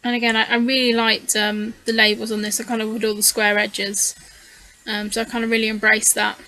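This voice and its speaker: A woman's voice: fairly high pitch, completely flat delivery, fairly quick, bright, forceful tone, low-quality recording. A tired woman casually narrating her scrapbooking process in a voice-over, rambling and hesitant with frequent fillers. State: tired, yawning. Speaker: scrapbooking channel host.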